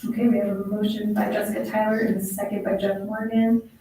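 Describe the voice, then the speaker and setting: A woman's voice: mid-range voice, little pitch movement, fairly quick, warm tone. A woman chairing a school board meeting, reading through agenda items in a procedural way. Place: public board meeting room. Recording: echoey room, distant mic, faint noise.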